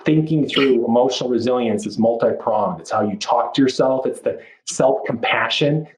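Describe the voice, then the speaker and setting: Male life coach, mid-pitched, earnest and reflective, restarts phrases as he thinks aloud. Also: moderate pace, rough recording. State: moved, near tears. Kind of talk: podcast interview.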